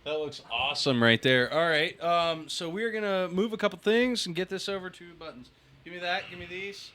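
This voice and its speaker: Teasing New podcast host. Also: male voice, high voice, bright, forceful tone, a little hiss or hum. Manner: teasing, blunt, quick to laugh. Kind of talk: casual chat.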